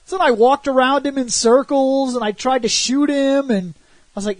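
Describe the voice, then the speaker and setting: With an extremely high-pitched voice at normal speed and no room sound, this man co-hosts a casual gaming podcast. His stories are lively, with quoted lines performed and plenty of cursing.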